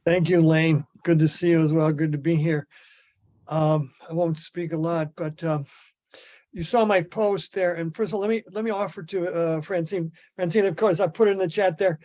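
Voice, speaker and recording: A man's voice: on the high side, fairly even intonation, moderate pace, mellow, highs cut off. A man speaking as an activist in an impassioned group discussion, emphatic and often restarting his sentences, over a video call.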